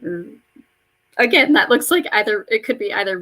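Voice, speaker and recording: Rambling, swearing woman in her twenties. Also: a little fast. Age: mid-20s. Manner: rambling, profane, with sudden high excited jumps in pitch. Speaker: vlogger. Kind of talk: casual rambling chat while getting ready. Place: bedroom at home.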